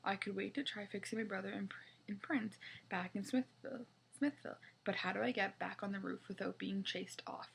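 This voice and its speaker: A woman's voice: medium pitch, fairly even intonation, fairly quick, gravelly, a little hiss or hum. A woman reading a children's chapter book aloud in a casual way, now and then stumbling and correcting herself. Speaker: reader.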